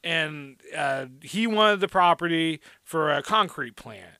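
A man rambles through a story on a casual podcast, filling gaps with "like" and "uh". His voice sits high and bright. The sound is dry and close. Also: slow pace, creaky, smooth, dry recording. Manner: rambling, animated, many fillers. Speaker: podcast co-host.

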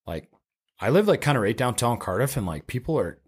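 A young man from Canada chatting casually as a podcast guest, telling stories in a loose, relaxed way with lots of "like". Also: mid-range voice, a little fast, breathy edge. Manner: relaxed storytelling, heavy use of "like". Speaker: guest, professional hockey player.

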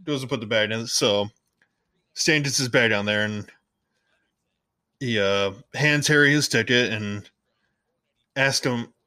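A man with a bright, forward voice chats casually through a movie recap on his podcast. He rambles, restarts his sentences, and now and then jumps into other characters' lines. The recording is close and dry, with no room sound. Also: medium pitch, unhurried, pauses often, no room sound. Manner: rambling, chatty, self-correcting, playfully acts out lines. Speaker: podcast host.

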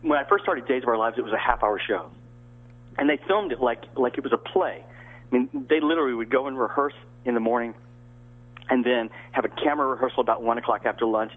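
An older man from the American South, an actor guest telling rambling anecdotes with many restarts over a phone-like line. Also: medium pitch. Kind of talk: casual interview storytelling.

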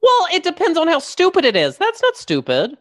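A woman's voice: very high-pitched, huge pitch swings, a little fast. A woman hosting a podcast and chatting casually, with a teasing manner. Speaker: podcast host. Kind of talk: casual chat.

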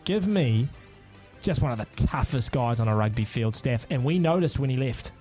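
A man's voice: mid-range voice, moderate pace, faint music behind. A man co-hosting a sports radio show, joking and running a draft game in casual banter. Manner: animated, joking, runs the draft picks. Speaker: radio co-host.

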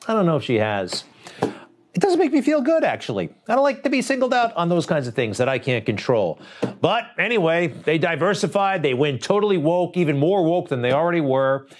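A man hosting a commentary show, talking over clips in an indignant, sarcastic, conversational way. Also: mid-range voice.

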